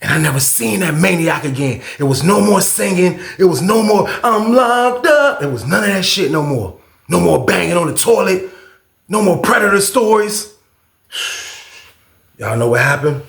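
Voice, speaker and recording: A man spins a casual storytime, animated and full of profanity, leaning on the same catchphrases again and again. His voice sits a bit high, with a gravelly edge. It rings off the walls of an echoey room. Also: normal speed. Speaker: storyteller, channel host.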